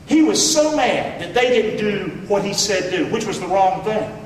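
A man's voice: high voice, very animated, normal speed, few pauses, noisy background. A middle-aged man preaching a sermon in a church, folksy and emphatic, calling out for amens. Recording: echoey hall from far off.

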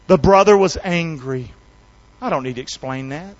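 High-voiced man preaching with call-and-response. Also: moderate pace. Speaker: pastor. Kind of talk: sermon. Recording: slightly dull lo-fi sound.

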